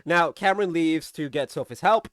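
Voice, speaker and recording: A man's voice: on the high side, moderate pace, a bit bright, dry recording, studio quality. A man casually recapping and reviewing a TV episode, chatty, often tagging on "right?" and swearing now and then.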